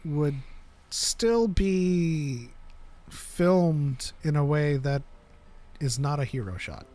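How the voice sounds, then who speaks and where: A man co-hosting a casual podcast, talking in an animated, jokey way. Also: on the high side, drawn-out words. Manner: animated, jokey, acts out lines in silly voices. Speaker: podcast co-host. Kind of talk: casual chat.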